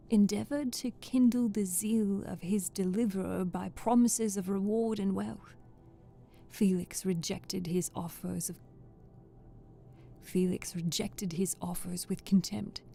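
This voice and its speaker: A woman giving a soft-spoken ASMR reading of a classic novel, steady and careful, going back to reread phrases. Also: mid-range voice, gravelly. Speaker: audiobook reader.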